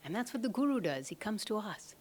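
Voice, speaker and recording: A woman giving a devotional satsang talk, speaking softly and slowly, often close to a whisper. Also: medium pitch, big pitch swings, a little hiss or hum. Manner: soft, slow, often half-whispered.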